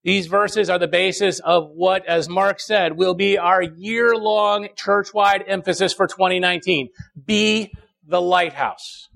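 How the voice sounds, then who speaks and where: A male pastor, preaching a sermon with emphatic repetition and dramatic pauses. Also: sits high, steady tone, creaky, a bit bright.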